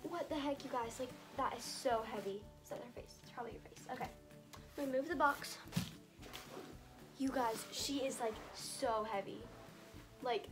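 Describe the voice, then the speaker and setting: Gushing, excitable woman unboxing. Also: a little high, moderate pace. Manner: gushing and excitable, filler-heavy. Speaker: doll collector vlogger. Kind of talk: unboxing vlog. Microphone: camera on a tall tripod. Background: background music.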